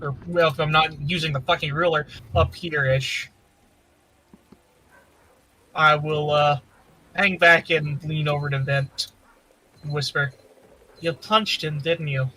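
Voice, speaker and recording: Bright, forceful man playing a tabletop game. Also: a little high, level tone, unhurried, long pauses, poor audio. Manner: chatty, describing his character's actions. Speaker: player. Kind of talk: casual tabletop game chat.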